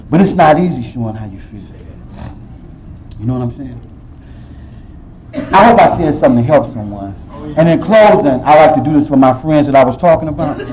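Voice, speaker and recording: A man sharing his personal story at a recovery meeting, telling it with emotion, swinging from loud outbursts to quiet low stretches. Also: low-quality recording. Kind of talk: personal testimony.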